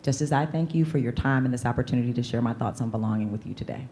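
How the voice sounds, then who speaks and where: Low-voiced woman coach, energetic keynote speaker, call-and-response with audience. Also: very fast, a little hiss or hum. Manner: lively, leads call-and-response chants with audience. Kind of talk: motivational keynote speech. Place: conference hall stage.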